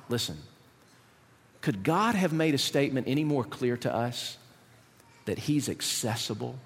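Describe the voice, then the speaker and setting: A male pastor delivers a sermon in a slightly higher voice, conversational and full of rhetorical questions. His voice rings out with the long reverb of a church hall. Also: a bit bright.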